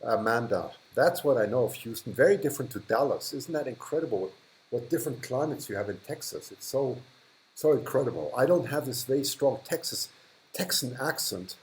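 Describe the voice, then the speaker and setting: A man's voice: mid-range voice, animated, fairly quick, a little mellow, rough recording. A man hosting a live stream from a hot, humid indoor room, chatting casually as he reads and thanks viewers, often restarting sentences and chuckling. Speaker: livestream host.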